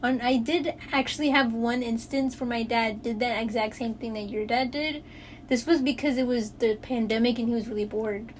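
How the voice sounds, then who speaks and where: Casting: young woman, high-ish voice, animated storyteller, slight background hiss. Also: moderate pace. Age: young adult. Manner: animated storyteller, acts out quotes, swears freely. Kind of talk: casual chat.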